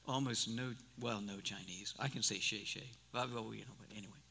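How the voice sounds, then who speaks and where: A pastor in his sixties preaches a folksy, rambling sermon in a church sanctuary, frequently restarting his sentences. His lowish voice is gravelly and a little fast, with fairly even intonation. The live recording has long hall reverb and a noisy background.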